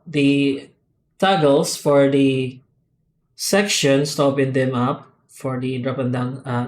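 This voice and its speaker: Man, mid-pitched, for an unscripted software walkthrough: halting and methodical, with many "uh" and "um" pauses and restarts. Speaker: software tool developer demonstrating add-ons. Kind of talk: screen-recorded software tutorial.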